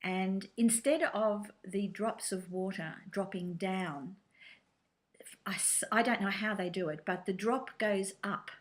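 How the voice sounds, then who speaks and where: A woman recounts a personal memory in an interview, quiet and reflective. She pauses often, with fillers and small restarts. Her pitch sits in an ordinary middle range. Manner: reflective, soft-spoken, hesitant with fillers. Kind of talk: personal storytelling.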